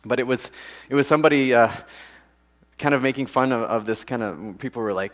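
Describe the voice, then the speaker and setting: A man giving a casual, chatty sermon. He laughs often and acts out the people in the story with big jumps in pitch. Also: brisk, fairly bright tone. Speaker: preacher.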